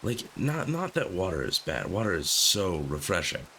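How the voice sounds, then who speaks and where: A young man, hoarse from being sick, rambling casually over gameplay with lots of fillers. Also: low voice, big pitch swings, normal speed, bright, forceful tone, slight background noise. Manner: rambling, filler-heavy, jokey musings. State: hoarse from sickness. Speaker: gameplay commentator. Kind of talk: casual gaming commentary.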